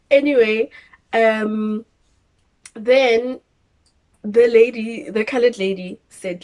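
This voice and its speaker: A young South African woman casually telling her birth story, animated and laughing as she acts out moments. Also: on the high side, slow pace, long pauses. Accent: South African English.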